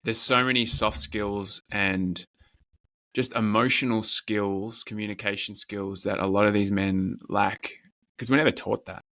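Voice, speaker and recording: A man who works as a men's coach, talking earnestly and in measured lists as a podcast guest. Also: on the low side, fairly even intonation, sharp tone, no room sound. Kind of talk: reflective interview talk.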